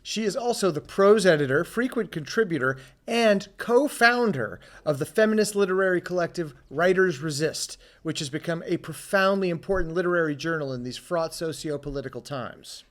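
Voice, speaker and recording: A man's voice: a little high, expressive, moderate pace, hardly any pauses, fairly bright tone. A man co-hosting a podcast who reads introductions and drops dry, understated quips. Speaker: podcast co-host. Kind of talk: casual podcast chat.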